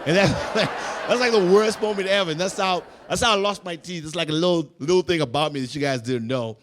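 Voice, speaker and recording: A young man, doing animated stand-up storytelling and acting out voices. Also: high voice, fairly quick. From South Africa. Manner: animated, acts out voices, laughs through lines. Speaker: stand-up comedian. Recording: noisy live room.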